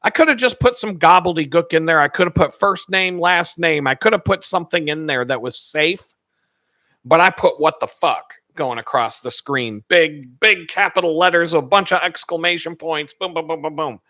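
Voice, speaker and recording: Male channel host, casual profane storyteller, bright forceful voice, dry close sound. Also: fairly high pitch, moderate pace, dry recording. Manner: animated, profane, acts out the people he quotes.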